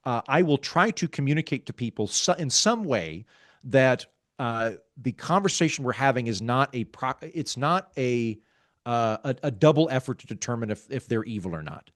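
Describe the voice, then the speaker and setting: A man, a guest author in a podcast interview, explaining ideas in a wry, self-aware, calm and measured way. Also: mid-range voice, no echo, clean studio sound. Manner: talks calmly, measured.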